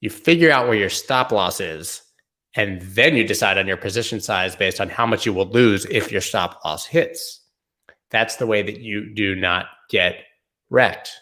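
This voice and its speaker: A man's voice: on the low side, bright, forceful tone. A man hosting a casual livestream, joking and riffing while he answers viewer comments. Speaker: host.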